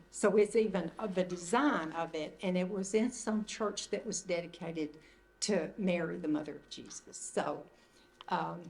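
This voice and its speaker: An older woman leading a retreat group, giving an informal, conversational teaching talk indoors in a meeting room. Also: lowish voice. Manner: conversational, loosely phrased, gentle. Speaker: retreat leader.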